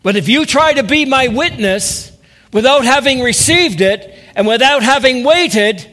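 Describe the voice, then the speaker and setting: Impassioned high-voiced male preacher. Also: lively intonation, measured pace, bright, forceful tone. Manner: earnest, rising to impassioned appeals; addresses listeners as saints and by name. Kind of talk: sermon.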